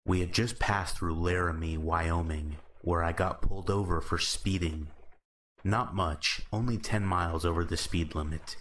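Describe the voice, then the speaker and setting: A man narrating horror stories in a slow, measured, calm scripted style. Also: low-pitched, a little hiss or hum.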